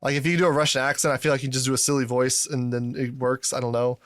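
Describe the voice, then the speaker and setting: A man's voice: mid-range voice, flat delivery, fast talker, a bit bright, dry recording, clean studio sound. A man co-hosting a podcast in casual chat, rambling and swearing, often trailing off with a laugh. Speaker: podcast co-host.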